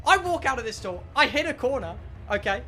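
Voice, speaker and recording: Excitable high-voiced British young man. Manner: excitable, swearing, dramatic pauses. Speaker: streamer. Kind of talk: animated storytelling to a live chat. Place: home streaming room.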